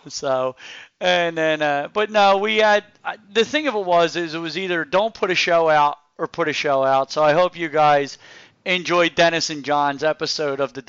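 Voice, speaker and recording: Podcast host, male, bright forceful tone, lively laughing storyteller. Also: fairly high pitch, clean tone, dry recording. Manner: animated storyteller, laughs often. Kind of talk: casual podcast chat. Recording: dry, dull lo-fi sound.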